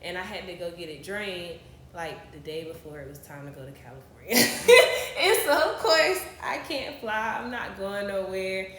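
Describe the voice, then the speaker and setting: A young woman, telling stories as a podcast guest in an animated, laughing way. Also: mid-range voice, normal speed. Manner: animated storytelling, laughs often. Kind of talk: casual interview chat. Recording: roomy podcast audio with faint hiss.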